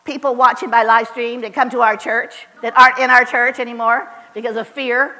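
A woman's voice: fairly high pitch, level tone, brisk, pushed and bright, big-room sound. A woman preacher giving a fervent, emphatic sermon in a church, driving points home with short repeated declarations. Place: church sanctuary.

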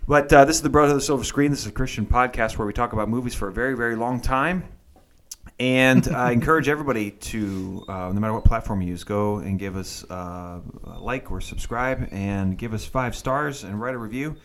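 A man hosts a casual movie podcast in an easygoing, hesitant way. His voice sits in the middle range and pauses on fillers. A faint noise runs underneath. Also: medium pitch, fairly bright tone. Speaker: podcast host.

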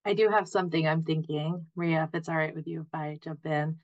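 A woman's voice: low-pitched, flat delivery, brisk. A woman guest on a podcast, chatting casually in a bubbly way and laughing often. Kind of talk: casual chat. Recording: slightly muffled lo-fi audio.

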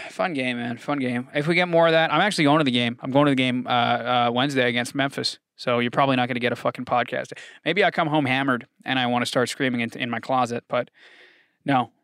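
A man hosting a casual solo sports podcast, excitable and profane, swinging from shouted hype to low muttering. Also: fast talker, clean tone, no echo, studio quality. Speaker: podcast host.

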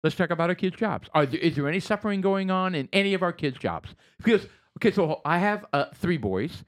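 A middle-aged man talks in a relaxed podcast chat, his voice sitting a bit high and swinging widely in pitch. He tells his stories with plenty of "uh"s and restarts. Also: a little fast. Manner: animated storytelling with many fillers. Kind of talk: casual chat.

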